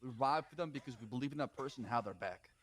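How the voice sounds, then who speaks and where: A man's voice: medium pitch, lively intonation, fast. A man roleplaying in a western game, earnestly defending his choices in casual in-character chat.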